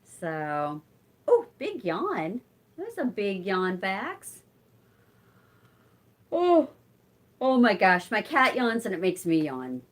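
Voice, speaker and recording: A woman in her forties hosts her channel's casual live-stream chat, answering viewers and chatting to her cat between replies. Her medium-pitched voice swings hugely in pitch, and she speaks slowly with frequent pauses.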